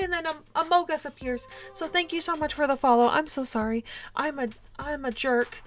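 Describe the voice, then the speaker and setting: A woman's voice: high voice, steady tone, fairly quick. A young adult woman streaming a game, chatting casually with viewers in a giggly, self-deprecating way. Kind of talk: casual livestream chat while playing a game.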